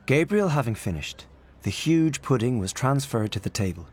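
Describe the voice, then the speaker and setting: A man reading a literary story aloud in a measured, expressive storytelling manner. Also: medium pitch, breathy edge. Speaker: audiobook narrator. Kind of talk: literary audiobook narration.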